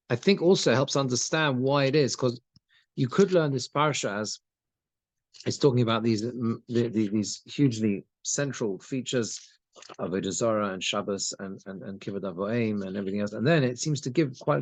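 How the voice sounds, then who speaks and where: A rabbi with a mid-range voice leads a conversational Torah class, reading Hebrew phrases and translating them as he goes. He restarts frequently. There is no room sound.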